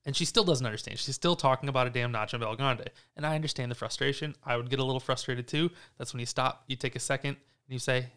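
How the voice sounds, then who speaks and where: A man hosts a relaxed podcast conversation, his voice clear and smooth at an ordinary pitch. He rambles through stories in a snarky, profane way, restarting his sentences as he goes. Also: a little fast. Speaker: podcast host. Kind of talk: casual podcast chat.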